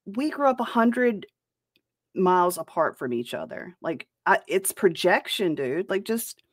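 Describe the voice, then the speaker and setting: A woman's voice: lowish voice, sing-song, a little slow, dry recording, clean studio sound. A woman hosting a reaction commentary show, talking in a blunt and profane way. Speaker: host.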